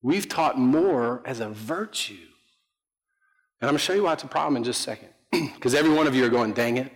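Speaking briskly and with animation, a man with a medium-pitched voice preaches a chatty sermon as pastor, making fun of himself and putting questions to the congregation. The church sanctuary adds long hall reverb.

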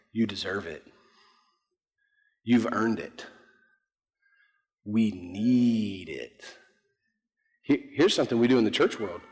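A male pastor with a medium-pitched voice gives a sermon in a church sanctuary, and the hall is reverberant. His style is conversational and joking, poking fun at himself and asking the congregation questions.

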